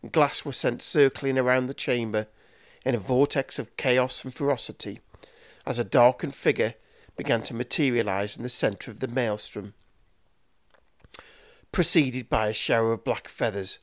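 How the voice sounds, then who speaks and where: Male storybook narrator, measured delivery, dry close sound. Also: mid-range voice, no echo.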